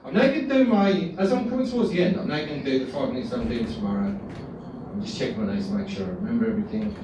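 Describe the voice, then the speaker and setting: A man's voice: fairly high pitch, big pitch swings, very fast. A man doing a rambling, sweary, self-mocking stand-up set in a small pub comedy room. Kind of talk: work-in-progress stand-up set. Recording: echoey room, distant mic, noisy.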